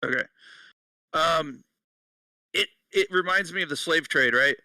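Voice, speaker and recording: A man's voice: a little high, a little slow, dry recording. Casual podcast co-host, male, swears and laughs a lot, dry mic sounding a bit distant. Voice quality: bright, laughing, profane. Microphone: headset.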